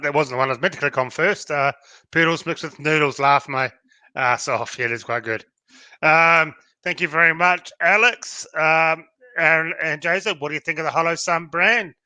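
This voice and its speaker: A man's voice: a little high, bright, forceful tone, no room sound. An Australian man co-hosting a podcast, chatting casually and reading out viewer comments with plenty of fillers. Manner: laid-back, lots of fillers, reads viewer comments aloud. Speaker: podcast co-host. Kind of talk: casual chat.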